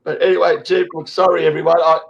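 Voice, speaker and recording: A man's voice: a little high, level tone, fast talker, vocal fry, dull audio. An Australian man in his sixties hosting an impassioned online chat, emotional, swearing heavily and rambling with restarts. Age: 60s. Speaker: show host.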